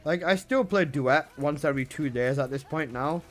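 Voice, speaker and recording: A man's voice: a little high, moderate pace, soft background music. A man live streaming, chatting casually with his viewers, swearing and laughing often.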